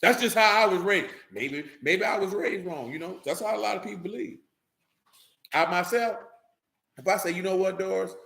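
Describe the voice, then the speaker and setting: A man's voice: high voice, expressive, normal speed, vocal fry, pushed and bright, reverberant. A man preaching an informal sermon to his congregation, reading scripture and breaking off into loose, slangy asides.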